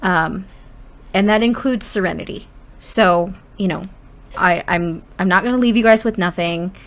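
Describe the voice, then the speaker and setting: A woman voicing a resigned father in his seventies in her own voice, soft and reassuring in a game story. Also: medium pitch, normal speed, close to an everyday voice.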